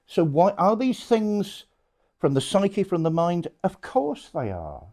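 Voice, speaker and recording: A man's voice: high-pitched, wildly swooping pitch, slow, a little mellow. A man, a priest, gives an informal public talk to a small audience, conversational and blunt, full of rhetorical questions and asides.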